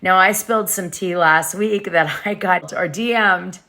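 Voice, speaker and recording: Woman spilling reality tv tea, bright tone, lowish voice, chatty gossip host. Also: measured pace. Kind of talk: casual reality TV recap.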